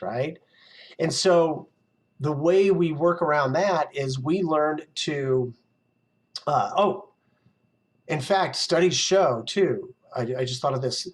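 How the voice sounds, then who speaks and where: A man coaching in a casual, animated motivational talk, now and then acting out his own inner voice. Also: on the high side, slow. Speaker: success mindset coach.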